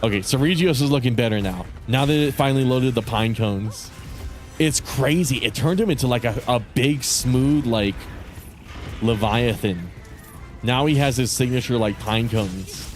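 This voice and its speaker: A man's voice: mid-range voice, moderate pace, soft background music. Laid-back, cursing young man streaming. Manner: rambling, profane, laid-back. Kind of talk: casual gaming commentary.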